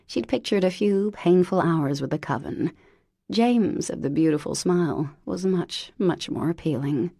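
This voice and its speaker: A woman narrating a romance audiobook in a wry, expressive way. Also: low voice, gravelly, husky, no room sound, studio quality. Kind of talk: scripted narration.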